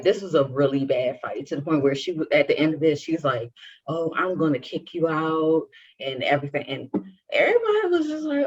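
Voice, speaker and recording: Young woman podcast host telling a story, bit husky voice, acts out the quotes, muffled lo-fi sound. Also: low voice. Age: young adult. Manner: animated storytelling with quoted dialogue. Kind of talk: casual chat, personal story. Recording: dull lo-fi sound.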